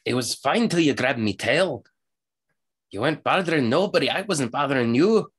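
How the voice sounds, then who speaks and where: A man voicing a grumpy little old male halfling with a white beard, speaking in a high squawking voice with rough slang. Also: expressive, normal speed. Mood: grumbling. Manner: cockney-ish slang, "me tail", high squawk.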